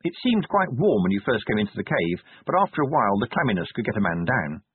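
A man narrating an audiobook in a measured, wry manner. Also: fairly low pitch, sing-song, breathy edge, dry recording. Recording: tinny phone-like band, dry.

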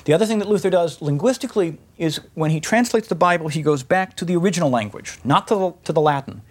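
A man's voice: fairly high pitch, lively intonation, fast talker, darkish tone. A middle-aged man giving a recorded lecture, explaining step by step with rhetorical questions and frequent checks like "right?".

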